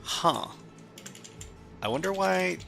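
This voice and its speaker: A man's voice: high-pitched, expressive, takes it slowly, creaky, background noise. A man hosting a live stream, chatting casually as he works through a hacking exercise, often restarting his phrases. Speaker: stream host.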